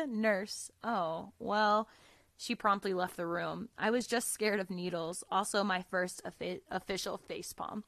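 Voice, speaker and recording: A woman's voice: medium pitch, a bit bright, no echo. A woman hosting a casual podcast, reading listener stories aloud, laughing often and swearing freely.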